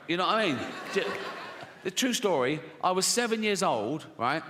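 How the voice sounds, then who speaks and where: A middle-aged comedian spins stand-up stories, voice bright and lively, slipping into other people's voices and chuckling at his own punchlines. His voice carries with a long live-hall reverb and a faint hiss behind it. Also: on the high side, brisk. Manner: storytelling, acts out quoted voices, laughs at own jokes.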